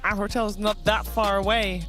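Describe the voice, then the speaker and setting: A woman's voice: medium pitch, level tone, normal speed, a bit bright, soft background music. A woman leading a live esports desk segment. She sounds cheerful and laughs easily, then settles into talking through the upcoming match. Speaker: esports caster and desk host. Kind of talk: live broadcast desk talk.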